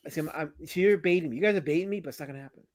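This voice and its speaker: A man hosting a livestream, teasing his chat and guest in casual banter, swinging from loud outbursts to mumbled asides. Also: fairly high pitch, very fast, no echo. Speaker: livestream host.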